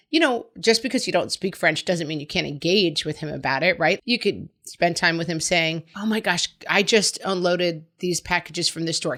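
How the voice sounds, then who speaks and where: A woman's voice: fairly low pitch, fairly bright tone. Frank, chatty woman podcast host. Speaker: podcast host giving parenting advice. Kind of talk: casual advice monologue.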